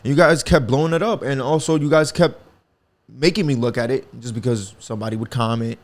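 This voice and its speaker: A man's voice: medium pitch, brisk. A young man from the Bronx with a New York accent, hosting a solo podcast in a profane, rambling, casual way with lots of restarts and slang. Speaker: podcast host.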